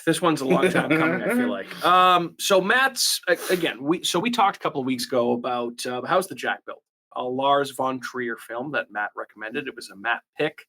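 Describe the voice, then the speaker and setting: A man's voice: medium pitch, normal speed, bright, forceful tone. A man hosting a casual movie podcast, rambling with many fillers. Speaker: podcast host.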